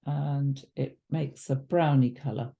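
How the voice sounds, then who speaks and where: A woman giving a relaxed watercolour painting demonstration, chatty and thinking aloud with ums and self-corrections. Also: extremely low pitch, takes it slowly, gravelly. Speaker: watercolour art teacher.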